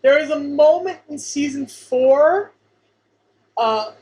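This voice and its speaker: A woman co-hosting a podcast in casual chat, quick to agree and laugh, with playful commentary. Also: sits high, expressive, darkish tone, low-quality recording. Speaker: podcast co-host. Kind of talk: casual chat reviewing a sitcom episode.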